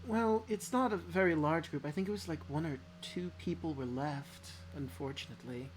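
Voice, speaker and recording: A gracious goddess queen of wisdom, as a game master puts her on in a tabletop game. She speaks in a measured, kindly way with thoughtful pauses, and her voice sits at an ordinary middle pitch. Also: a little hiss or hum, natural voice. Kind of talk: tabletop game role-play.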